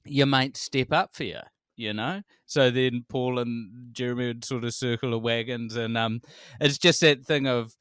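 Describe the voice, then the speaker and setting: A man in his forties with a New Zealand accent, a comedian telling animated stories in a casual podcast chat and laughing often. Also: medium pitch, normal speed, clear, resonant tone, dry recording, clean studio sound. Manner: animated storyteller, acts out quotes, laughs often. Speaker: comedian guest.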